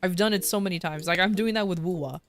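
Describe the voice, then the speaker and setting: A woman's voice: fairly low pitch, fast talker, faint music behind. A woman streamer in a casual livestream chat, ranting bluntly with swearing and frequent restarts.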